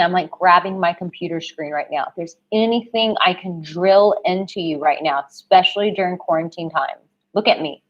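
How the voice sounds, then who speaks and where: A young woman coaching on a live stream Q&A, affectionate and emphatic, calling viewers babe. Her voice is going. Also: on the low side. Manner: emphatic, repeats herself. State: losing her voice. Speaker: dating and relationship coach. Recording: dull lo-fi livestream audio.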